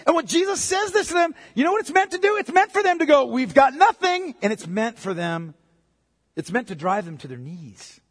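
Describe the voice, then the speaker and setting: A middle-aged man preaching a sermon, conversational and animated, with joking asides. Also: extremely high pitch, brisk. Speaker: pastor. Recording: reverberant hall.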